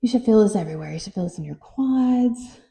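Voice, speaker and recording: A woman's voice: mid-range voice, animated, fairly quick, gravelly, warm tone, echoey room. A woman fitness instructor leading a workout, counting reps aloud and encouraging, a bit out of breath as she moves.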